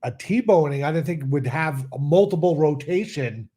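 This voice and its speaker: Relaxed man, slightly high voice. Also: normal speed. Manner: relaxed, chuckles and agrees a lot. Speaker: podcast co-host. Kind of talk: casual chat.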